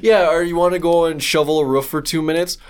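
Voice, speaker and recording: A man co-hosting a casual podcast, talking in a lively, joking way and swearing freely. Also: fairly high pitch, fast, smooth. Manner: lively, swearing, laughing often, animated storytelling. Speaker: podcast co-host. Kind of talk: casual chat.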